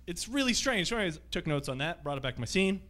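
A man's voice: high-pitched, big pitch swings, quick pace, sharp tone. A man doing stand-up comedy on a theatre stage, telling loose, profane stories to a live audience. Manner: loose, profane anecdotal storytelling. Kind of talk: stand-up set.

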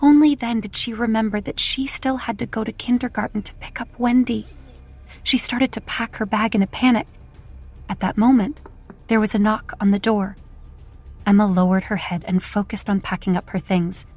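A woman narrating a romance audiobook in a steady, even storytelling manner. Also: medium pitch, moderate pace. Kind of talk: scripted narration.

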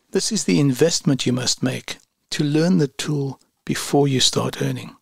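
A man with a gravelly, slightly husky voice reads a scripted product review at a measured, unhurried pace. The sound is dry and close, with no room around it. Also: mid-range voice, dry recording. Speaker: online business reviewer.

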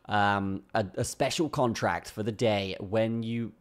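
A man's voice: lowish voice, fairly even intonation, a little slow, hardly any pauses, clear, resonant tone. A tired man hosting a casual crypto chart walkthrough, ending his points with "okay?" and "all right?" and repeating his own phrases. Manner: keeps tagging lines with "okay?" and "all right?". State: tired from a long day. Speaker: crypto trading channel host. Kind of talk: casual screen-recorded chart analysis.

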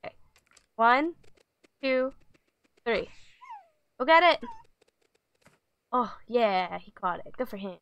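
Woman livestreaming a pet game, chatty and giggly, coaxes her dog, bit high voice. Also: slow, long pauses, smooth, dull audio. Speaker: streamer. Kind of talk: casual game livestream commentary.

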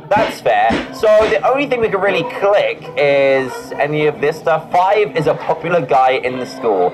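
Playful man with lively pitch over music. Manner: playful, reads game text aloud, jokes to himself. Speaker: gaming video host. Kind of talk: playing a game with commentary. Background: background music.

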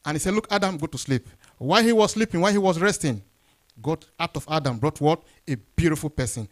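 A male pastor preaching a sermon, throwing out questions and answering them, swinging between loud high lines and low quiet ones. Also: fast. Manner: call-and-response questions, rising then dropping low.

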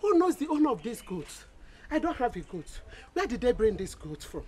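An actress playing a furious village woman who scolds and shouts after the thieves of her goat. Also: fairly high pitch, big pitch swings, brisk, husky. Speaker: angry goat owner.

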